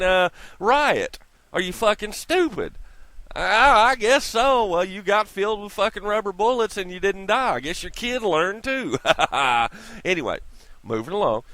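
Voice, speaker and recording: An irritated man rants into a close mic, profane and sarcastic. His voice sits a little high and swings widely up and down as he mocks and scolds. The sound is dry, with no room in it. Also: a bit bright, no echo. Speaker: vlogger. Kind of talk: profane opinion rant.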